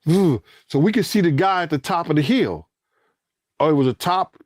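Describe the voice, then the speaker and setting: This is a slightly high-voiced man at a moderate pace, captured in clean studio sound with no room tone. He narrates in loose, profane language, voicing the quoted speakers himself and building to shouts at the tense, exciting moments.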